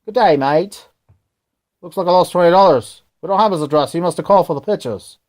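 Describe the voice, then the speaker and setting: A man voicing a chatty, brash Australian bloke in a put-on Australian accent, with a rapid, joking delivery. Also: sits high, a little mellow, close to an everyday voice. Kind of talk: comic impression on radio.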